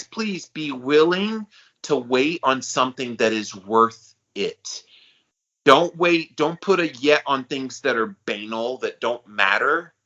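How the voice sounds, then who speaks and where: A man's voice: medium pitch, pushed and bright, dull audio. A middle-aged man co-hosting a podcast, talking with upbeat enthusiasm in casual chat. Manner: enthusiastic hype-man delivery. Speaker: podcast co-host.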